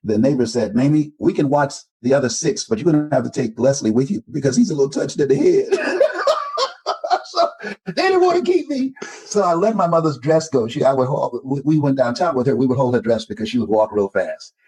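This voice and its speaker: A man's voice: medium pitch, a little mellow, slightly rough, poor audio. An older man from Florida, a motivational speaker telling stories in an interview and acting out the voices he quotes. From Florida, United States. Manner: emphatic storyteller who acts out quoted voices. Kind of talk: interview storytelling.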